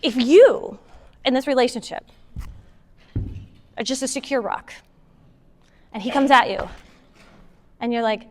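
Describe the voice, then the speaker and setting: A woman giving a casual, animated talk to a moms' group, taking audience questions and acting out what partners say. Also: high-pitched, normal speed, pauses often. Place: meeting hall with an audience. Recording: long hall reverb.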